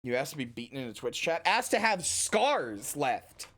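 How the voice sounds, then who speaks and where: A woman streamer telling a story in casual stream chat, animated and rambling, and swearing casually. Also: low voice, moderate pace.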